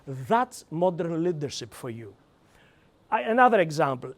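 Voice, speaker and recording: A man with a Greek accent leading a live seminar, emphatic and animated, acting out quoted lines and calling on audience members by name. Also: a little high, moderate pace. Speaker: seminar trainer.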